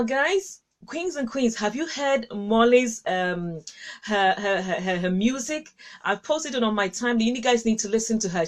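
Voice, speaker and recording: A woman with a fairly high voice hosts a casual live stream into her camera. She talks to viewers in an effusive, affectionate way. She laughs often and her pitch leaps up suddenly. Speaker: host of a live-streamed encouragement session.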